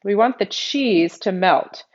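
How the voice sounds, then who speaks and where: A woman's voice: mid-range voice, slow pace, highs cut off. A middle-aged woman with a Texas accent hosting a live cooking demonstration from her home kitchen, chatting casually and thinking aloud as she works. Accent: Texan. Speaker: cooking show host.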